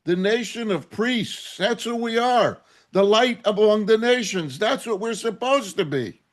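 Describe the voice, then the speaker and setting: A man giving a rabbi's sermon, his voice slightly high and his delivery slow and deliberate. He speaks with passion and indignation, hammering his points home with repetition. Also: expressive. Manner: impassioned, indignant, emphatic.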